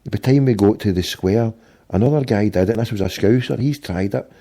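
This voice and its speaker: A man's voice: fairly low pitch, fairly quick, dark tone. A middle-aged Scottish man telling a long, rambling anecdote in casual podcast chat, swearing freely and acting out the quotes. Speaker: podcast host.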